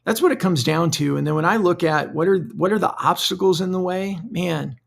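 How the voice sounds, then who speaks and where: Gravelly-voiced man hosting a solo podcast. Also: high voice, a little fast. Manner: conversational, loose, repeats words while thinking. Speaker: podcast host. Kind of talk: solo podcast monologue, live-streamed.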